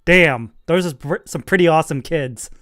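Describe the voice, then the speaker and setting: A streamer giving casual, joking commentary during a watchalong, with wry reactions and deadpan asides. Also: medium pitch, moderate pace, no echo, studio quality. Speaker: VTuber streamer.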